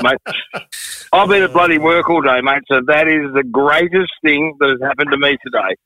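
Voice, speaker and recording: A man's voice: on the high side, moderate pace, bright, forceful tone, rough recording. A man, a drummer, chatting as a guest on a radio show in a laid-back, joking way. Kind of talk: casual radio interview.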